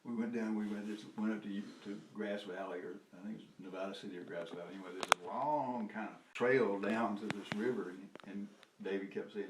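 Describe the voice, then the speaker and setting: A man's voice: on the low side, fairly even intonation, fairly quick, hardly any pauses. An older man with a Southern US accent, telling a rambling personal story with chuckles and profanity. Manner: chuckling, profane, trails off and restarts. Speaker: interviewee recalling activism. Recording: roomy, distant mic with faint noise.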